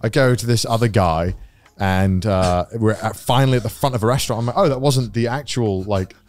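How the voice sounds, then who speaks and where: A man's voice: fairly low pitch, fairly quick, a little mellow, soft background music. A man hosting a podcast, telling a story in casual chat, swearing freely and acting out quotes. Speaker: podcast host.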